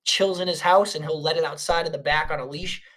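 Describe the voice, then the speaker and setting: A podcast co-host in casual chat, telling stories in an animated, rambling way. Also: mid-range voice, brisk.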